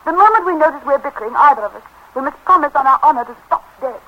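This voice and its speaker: A woman's voice: high voice, expressive, racing. A passionate, impulsive woman in an old radio play. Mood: earnest. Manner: dramatic, pleading. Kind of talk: 1930s radio acting. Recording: dull lo-fi old radio recording with music.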